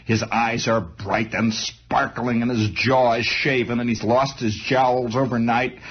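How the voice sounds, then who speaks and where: A middle-aged man hosting a late-night radio show, telling long rambling stories with lots of animated asides. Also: mid-range voice, a little slow, husky. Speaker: radio host. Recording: muffled 1960s radio broadcast.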